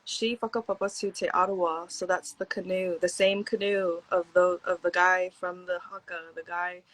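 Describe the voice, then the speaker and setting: A young woman from Hawaii chats as a podcast guest, rambling through her stories in a relaxed, slangy way. Her voice sits a little low for a woman, and she fills her talk with "like" while acting out what people said. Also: normal speed, poor audio. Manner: laid-back, slangy, many "like" fillers, acts out quotes. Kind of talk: casual storytelling chat.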